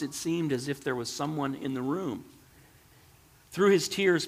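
Earnest male storyteller; gravelly, recorded in a reverberant hall. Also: a little high. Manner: earnest, emotional. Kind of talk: reading a children's story aloud, then reflecting.

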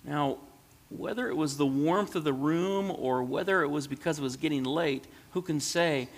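Measured male storyteller in a reverberant hall. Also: on the high side. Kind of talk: storybook reading.

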